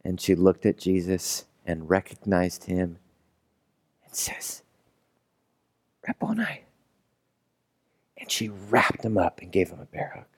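A man's voice: low voice, fairly even intonation, moderate pace, few pauses. A man preaching a sermon as a pastor, in a loose, conversational storytelling way. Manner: conversational storytelling, acting out characters.

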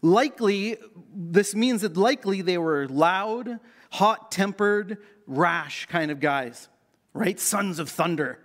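Male pastor, middle-aged, from canada, high voice, playful sermon storytelling. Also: lively intonation, slow pace, a bit bright. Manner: playful, self-mocking storyteller.

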